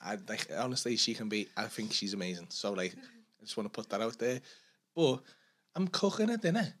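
A man's voice: lowish voice, expressive, brisk, a bit bright. A man co-hosting a podcast, chatting casually and swearing while he tells a story with quoted dialogue. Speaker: podcast co-host. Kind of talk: casual banter.

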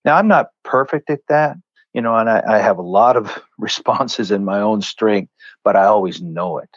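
Earnest male guest, lowish voice, dry muffled lo-fi sound. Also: moderate pace, dry recording. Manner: earnest, conversational, acts out quoted lines. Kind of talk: storytelling in a faith interview.

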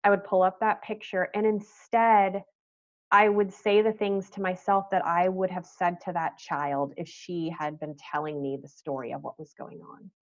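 A woman guest on a podcast interview, speaking softly and thoughtfully with pauses and restarts. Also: lowish voice, steady tone, lo-fi sound. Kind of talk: podcast interview, reflective storytelling.

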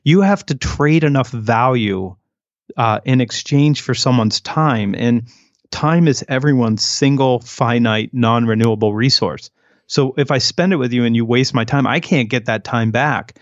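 A man's voice: medium pitch, a little slow, dry recording, muffled recording. A man, an author and sales expert, guesting on a podcast interview with wry, sarcastic humor.

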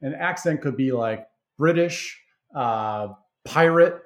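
Man in a business interview, mid pitch, casual and unpolished. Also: expressive, takes it slowly. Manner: easygoing, many fillers and restarts. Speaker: game creator guest. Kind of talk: conversational interview.

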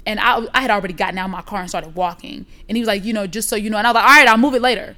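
A woman's voice: mid-range voice, racing. A woman in casual chat, telling a story with lots of profanity and acting out what people said. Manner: animated storytelling, profane, acts out quotes.

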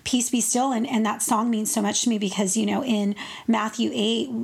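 A woman's voice: on the high side, moderate pace, creaky, slightly rough. A woman worship leader in an earnest, casual devotional chat about faith. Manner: earnest, animated when retelling stories.

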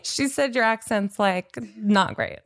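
A woman's voice: medium pitch, noisy background. A woman hosting a casual interview, playful and teasing with her guest. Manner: playful, teasing, quick to laugh.

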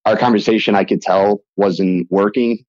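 A young man as a podcast guest, talking in halting, restarting sentences and laughing easily. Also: on the low side, fairly even intonation, darkish tone, dry recording, lo-fi sound. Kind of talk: casual interview chat.

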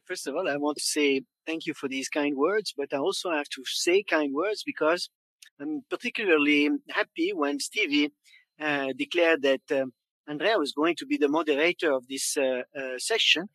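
Quebec-accented man giving a talk, bright voice. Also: on the high side, moderate pace, dry recording. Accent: Quebec French. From Canada, Montreal. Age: 50s. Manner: repeats words for emphasis, many fillers. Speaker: conference speaker. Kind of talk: conference presentation.

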